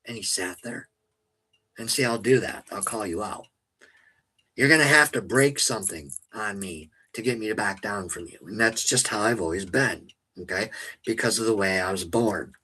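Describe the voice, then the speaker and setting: A middle-aged man who runs a paranormal investigation channel, talking candidly to his viewers in a blunt, profane and defiant way, stressing words slowly for emphasis. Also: lowish voice, sharp tone, breathy edge, poor audio. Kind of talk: candid personal monologue to stream viewers.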